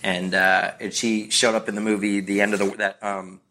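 Man, middle-aged, from the US, low voice, rambling casual storyteller. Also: level tone, moderate pace, bright, forceful tone. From United States. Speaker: guest. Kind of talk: casual podcast chat.

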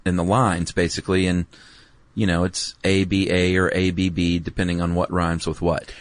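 A man's voice: sits low, flat delivery, normal speed, no echo. A man co-hosting a podcast, chatting casually and playfully, keen on the details of the topic. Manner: enthusiastic about details, playful asides. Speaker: podcast co-host. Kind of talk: casual explanatory chat.

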